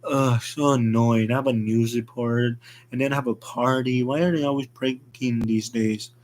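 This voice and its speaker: A man's voice: steady tone, moderate pace, a little mellow, a little hiss or hum, close to an everyday voice. A man voicing an irritable woman nurse who talks in a clipped, grumbling way. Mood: annoyed. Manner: annoyed, then frightened and shrill.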